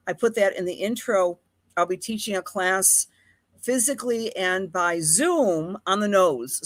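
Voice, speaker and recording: A woman's voice: mid-range voice, no echo. Woman, Western New York accent, live-stream astrology host, chatty and affectionate, mid-range voice, dry sound. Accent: Buffalo, Western New York. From Buffalo, New York. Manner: chatty and affectionate, greets viewers by name, calls them honey and darling.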